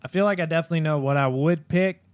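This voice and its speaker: A man co-hosting a podcast who thinks aloud in a measured, deliberating way while weighing his picks in a casual movie debate. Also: fairly high pitch, clean tone. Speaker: podcast co-host.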